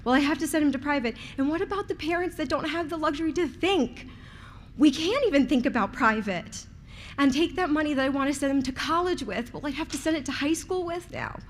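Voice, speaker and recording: A woman's voice: high voice, expressive, a little fast, a little hiss or hum. A woman in her thirties, a resident speaking at a school committee meeting, nervous and tearful as she pleads in an emotional, heartfelt way. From outside Rhode Island. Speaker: resident giving public comment.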